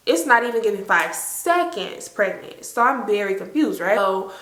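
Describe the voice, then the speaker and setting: A young woman vlogger telling a storytime to her viewers in a casual, animated way, full of "like" and acted-out quotes. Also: medium pitch, moderate pace, reverberant. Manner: animated, heavy use of "like", acts out quotes.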